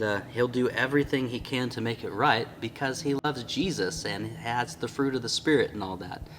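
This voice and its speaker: A man talking casually and with enthusiasm in a product review vlog, often amused and slowly sounding out tricky words. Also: mid-range voice, a bit bright, slight background noise. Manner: enthusiastic and chatty, often amused by his own slips. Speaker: Bible binding reviewer.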